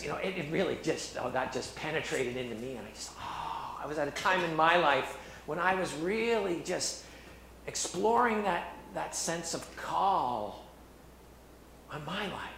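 A middle-aged man preaching with earnest conviction, stumbling and restarting as he goes. His voice sits a little high for a man. The room is echoey, with faint ambience behind him. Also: expressive, gravelly, fairly bright tone, a little hiss or hum. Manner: earnest, halting with many restarts. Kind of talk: sermon.

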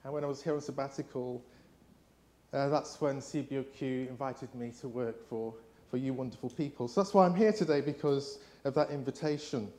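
A man's voice: mid-range voice, fairly quick. A middle-aged man with an English accent, preaching as a guest speaker and telling personal stories with fillers and restarts. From England. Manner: warm storytelling with frequent fillers and restarts. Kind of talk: sermon.

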